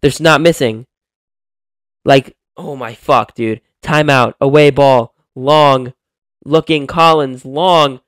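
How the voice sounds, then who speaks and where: A young man giving excited, profane play-by-play commentary on a basketball video game he is playing, swinging from calm calling to loud outbursts. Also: on the high side, slow, dry recording. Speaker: gaming video creator.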